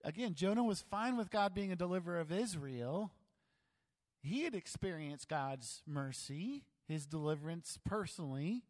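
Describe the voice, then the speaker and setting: A man's voice: on the high side, expressive, moderate pace, darkish tone. Conversational male pastor in an echoing sanctuary. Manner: conversational, self-deprecating humor. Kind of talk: sermon.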